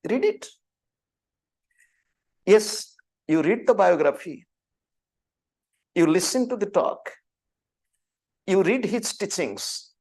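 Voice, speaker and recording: Gravelly-voiced man telling a spiritual story. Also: sits high, lively intonation, a little mellow. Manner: slow, deliberate, repeats words for emphasis. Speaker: spiritual teacher.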